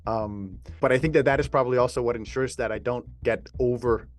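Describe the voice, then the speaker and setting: A man's voice: mid-range voice, fairly quick. Man, mid-range voice, frank and upbeat, stumbling podcast co-host. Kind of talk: casual podcast chat.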